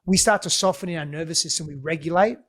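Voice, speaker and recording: A man who works as a relationship coach, speaking as a podcast guest in a calm, measured and earnest way. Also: on the high side. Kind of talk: reflective podcast conversation.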